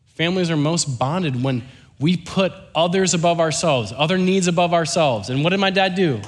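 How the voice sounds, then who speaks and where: A young man giving a sermon, telling a story with lively, animated delivery and often checking in with the audience. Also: medium pitch.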